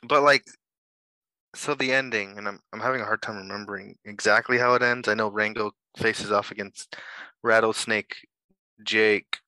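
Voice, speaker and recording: A man's voice: on the low side, fairly even intonation, moderate pace, pushed and bright, no echo, low-quality recording. A man chatting casually, hesitant, with lots of fillers. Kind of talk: casual conversation.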